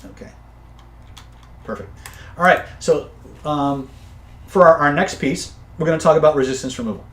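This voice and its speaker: A man coaching viewers on influence in a casual live-stream, often tagging points with "right?" and shouting out angry characters when he tells stories. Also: fairly high pitch, normal speed, reverberant. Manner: conversational, tags points with "right?"; acts out angry voices loudly in stories. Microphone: own camera setup.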